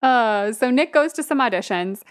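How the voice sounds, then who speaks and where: A woman's voice: a little high, animated, moderate pace. A young woman co-hosting a podcast, casually recapping a film plot and laughing often as she talks. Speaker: podcast co-host. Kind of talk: casual movie review chat.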